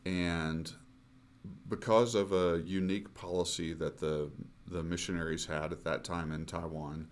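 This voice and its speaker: A man in his fifties, a missionary guest telling his story in a conversational interview, earnest and halting, with frequent fillers and restarts. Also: low voice, steady tone.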